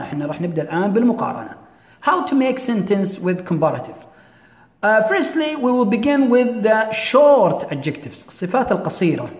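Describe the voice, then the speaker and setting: Echoey high-voiced man teaching English grammar. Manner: repeats words slowly, switches between English and Arabic. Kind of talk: classroom grammar lesson. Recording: echoey room with long reverb.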